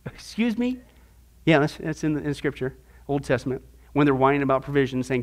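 A man's voice: mid-range voice, lively intonation, moderate pace, long pauses. A man teaching a Bible discipleship class as pastor, firing off rhetorical questions with folksy asides.

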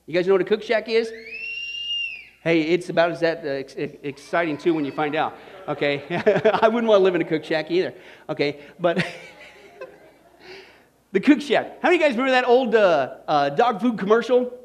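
A man from Kansas with a notably high voice delivers a Bible-study sermon through homespun stories. He talks in an animated, folksy way, keeps tossing "okay?" and "right?" to the congregation, and chuckles at his own tales. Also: fairly quick, slight background noise. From Kansas, United States. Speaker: preacher teaching a Bible study. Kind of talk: storytelling sermon to a live audience.

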